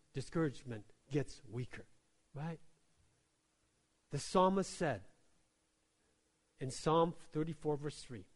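High, lively-voiced male preacher. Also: big-room sound. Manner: call-and-response, repeats "Amen?" and "right?"; emphatic, swings between soft low asides and raised exclamations. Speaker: pastor. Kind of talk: sermon.

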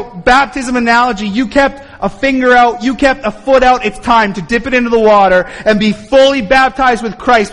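A man with a high voice preaches a sermon from the front of a church. He talks earnestly and swings his emphasis up and down. His voice trails off in a long hall reverb. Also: a bit bright. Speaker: pastor. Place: church sanctuary.

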